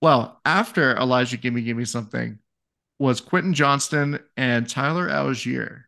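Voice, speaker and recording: A podcast co-host with a mid-range, creaky yet bright and forceful voice reads through draft picks at a measured pace on a casual fantasy football show. He comes across easygoing and self-deprecating.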